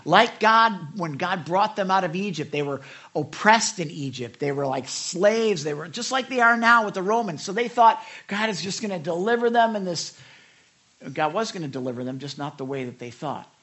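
A middle-aged man preaching a conversational sermon, reading scripture and rising into sudden loud, high bursts for emphasis. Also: expressive, normal speed. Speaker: pastor.

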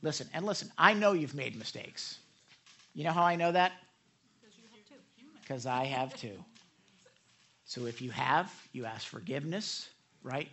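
A man preaching a sermon as pastor, animated and acting out the people in his stories. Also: mid-range voice, moderate pace, creaky. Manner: animated, acts out quoted people.

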